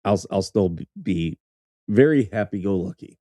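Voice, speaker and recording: A man's voice: low voice, lively intonation, moderate pace, dark tone, no echo. A middle-aged man hosting a podcast, telling rambling, profane stories and laughing through them. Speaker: podcast host, former military officer. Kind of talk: casual storytelling chat.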